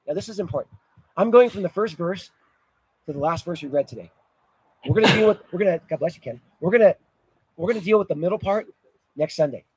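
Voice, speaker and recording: A middle-aged pastor preaching with a high, husky voice. He tells stories, swelling and dropping his volume, and the sound is dry and close. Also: animated, fast, long pauses, a little mellow, dry recording, low-quality recording. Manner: storytelling preacher, rises and drops in volume. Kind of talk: sermon.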